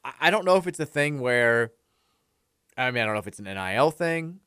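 A man's voice: mid-range voice, a little fast, smooth, no room sound, clean studio sound. A man co-hosting a sports radio show, chatting casually and acting out the friends in his stories. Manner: animated storyteller, acts out quoted friends loudly. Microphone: studio microphone.

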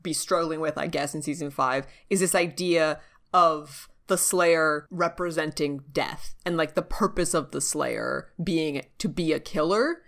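A woman co-hosting a casual podcast, her voice sitting a little low for a woman. She laughs often and swears freely as she chats. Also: measured pace, vocal fry, fairly bright tone. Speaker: podcast co-host. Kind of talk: casual chat.

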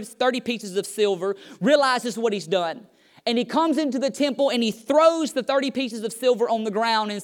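A Bible study teacher reads a passage aloud, then walks back through it in their own words. The retelling grows livelier as the story builds. There is a light, joking touch in the asides. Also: medium pitch.

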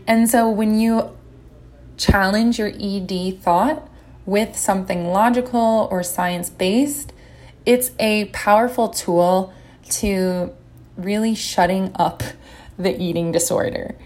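A woman giving a gentle, encouraging instructional talk as a recovery coach. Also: mid-range voice, steady tone, slow.

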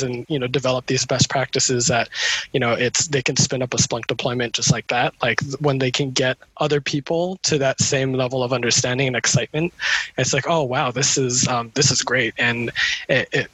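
A man with a somewhat husky, middle-pitched voice recounts his work in a relaxed, meandering way. He fills gaps with "um" and restarts his sentences often. The sound is close and dry, with no room around it. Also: dry recording, poor audio. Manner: rambling, many fillers and restarts. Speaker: interview guest, community manager. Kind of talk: casual conversational storytelling.

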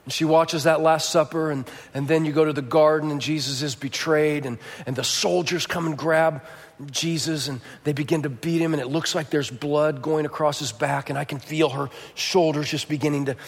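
Male pastor, high voice, storytelling sermon that swings from hushed to emphatic, heard in a reverberant church. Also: steady tone, moderate pace. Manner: storytelling, voice dropping quiet for somber moments.

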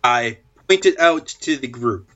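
A man chats as a player in a tabletop game, joking and curious about details. His voice is bright with a middle pitch, and the recording sounds dull and lo-fi. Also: expressive, a little slow. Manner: joking, inquisitive. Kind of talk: casual chat at a tabletop game.

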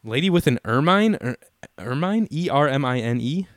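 A man's voice: medium pitch, animated, moderate pace, no echo, clean studio sound. A young man co-hosting a casual podcast, joking crudely and stumbling over foreign titles. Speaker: podcast co-host. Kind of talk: casual chat.

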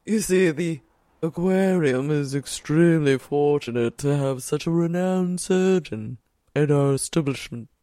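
A woman's voice: deep voice, measured pace, warm tone, no echo. A woman speaking in mock-serious tones in a comedy sketch.

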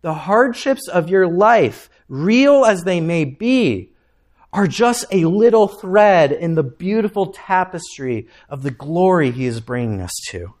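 A man preaching a sermon as pastor, impassioned, climbing to emphatic peaks and then dropping low and quiet. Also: sing-song, a little slow.

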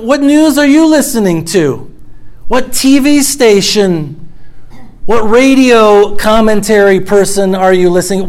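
Male preacher, middle-aged, high voice, chatty sermon, repeats himself for emphasis. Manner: conversational, repeats phrases for emphasis. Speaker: pastor.

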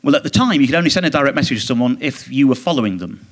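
A male comedian talks a live podcast audience through a long, indignant anecdote on a theatre stage. His voice sits at an ordinary middle pitch. He rambles, restarts and mimics the people in his story. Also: expressive, very fast. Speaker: comedian guest.

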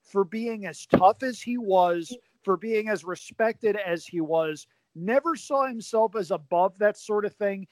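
A talkative man with a high-pitched voice, chatting enthusiastically on a podcast. His voice is recorded close and dry, with no room sound around it. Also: dry recording. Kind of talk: casual chat.

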